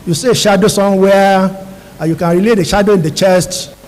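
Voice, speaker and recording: A middle-aged Nigerian radiologist addresses a room of new doctors, telling his stories earnestly and speaking straight to them. His voice sits high for a man. The sound carries a long echo from a big auditorium. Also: fairly even intonation, a little fast, a little mellow. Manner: earnest, storytelling, addresses audience directly. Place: large university auditorium. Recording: long hall reverb.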